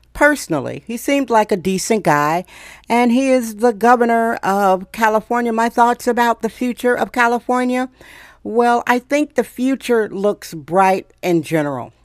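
A woman's voice: medium pitch, dry recording, studio quality. Sarcastic ranting woman podcast host. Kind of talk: daily solo rant podcast.

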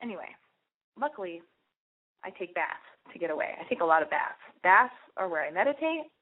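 A young woman talks straight to her listeners in a loose, rambling confession, swearing freely and poking fun at herself. She breaks into bursts of animated voices when she replays her own past thoughts. The sound is narrow and tinny, like a phone line. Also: lowish voice, brisk. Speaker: radio show host. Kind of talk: candid personal monologue. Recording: tinny phone-like radio audio.

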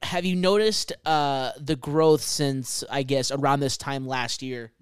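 A young man in casual conversation, asking friendly, halting questions with many restarts. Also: medium pitch, steady tone, clean tone, dry recording, studio quality. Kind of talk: casual chat.

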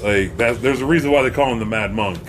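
A man's voice: medium pitch, quick pace, fairly bright tone, a little hiss or hum. A man in casual, profane chat, telling stories in a laid-back way.

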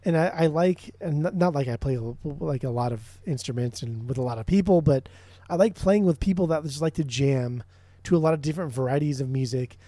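A man's voice: fairly high pitch, fairly quick, mellow, dry recording. A man co-hosting a podcast in casual music chat, rambling, swearing often and restarting his sentences. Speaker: podcast co-host.

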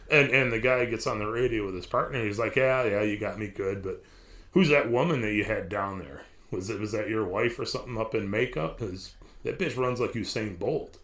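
Casual male podcast storyteller, somewhat low voice, loose, cursing, circling back on his words. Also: brisk, fairly bright tone. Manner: rambling, profane, restarts sentences. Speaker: podcast host telling a story.

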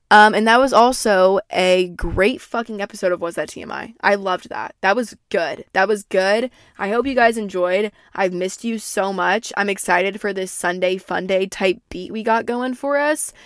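A woman's voice: medium pitch, smooth, no echo, clean studio sound. A young woman in her twenties, a podcast host, telling a story in a brash, profane, gossipy way and acting out what people said. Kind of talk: casual storytelling monologue.

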